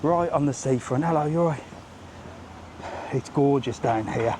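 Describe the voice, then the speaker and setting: A man's voice: medium pitch, normal speed, noisy background. A middle-aged man with a jokey, ranting manner, vlogging live while walking an outdoor seafront, talking into a handheld phone and a little out of breath. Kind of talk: live walking vlog chat. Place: outdoors on a sunny seafront street. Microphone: phone held while walking.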